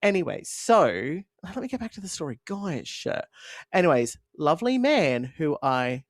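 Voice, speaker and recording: A man's voice: fairly high pitch, very animated, moderate pace, no room sound, studio quality. A man co-hosting a podcast in casual chat, telling self-mocking stories with a playful manner. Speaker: podcast co-host.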